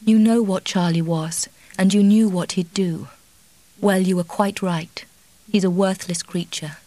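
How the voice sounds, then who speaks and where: A woman's voice: mid-range voice, fairly even intonation, measured pace, dark tone, no echo, lightly acted, rough recording. A woman reading the part of a remorseful, anxious young wife who speaks earnestly and pleadingly.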